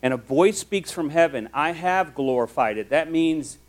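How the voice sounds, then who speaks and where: A man preaching a sermon as a pastor, telling the story in a conversational, animated way. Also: a little high, normal speed, few pauses.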